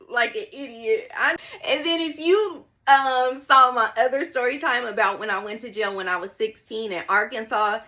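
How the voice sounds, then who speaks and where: A woman's voice: a little high, bright, forceful tone. A young woman telling a personal story to her viewers in a chatty, dramatic way, often repeating phrases and calling them y'all. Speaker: storytime vlogger.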